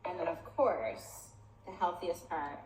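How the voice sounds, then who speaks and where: A woman's voice: fairly low pitch, lively intonation, a little slow, darkish tone. Upbeat female cooking host, distant echoey audio, noisy. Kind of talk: cooking demonstration.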